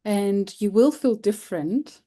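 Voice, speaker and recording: A woman's voice: medium pitch, animated, a little slow, dark tone. A woman therapist from Cyprus as an interview guest, speaking thoughtfully with many fillers and repeated phrases. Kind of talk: interview conversation.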